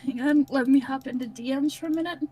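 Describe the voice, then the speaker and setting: Playful woman game master, high voice. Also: quick pace, a little mellow. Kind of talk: narrating a tabletop game.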